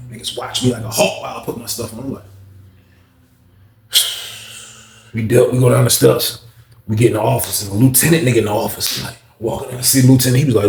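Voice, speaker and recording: A young man telling a story in casual street slang, animated, acting out the other people's voices. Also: medium pitch, fast, gravelly, long pauses. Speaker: storyteller vlogger. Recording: echoey room.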